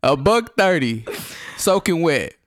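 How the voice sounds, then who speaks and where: Animated, blunt man with an expressive voice. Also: on the high side, slow pace, crowd noise. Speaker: podcast co-host. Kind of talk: casual chat. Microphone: studio mic.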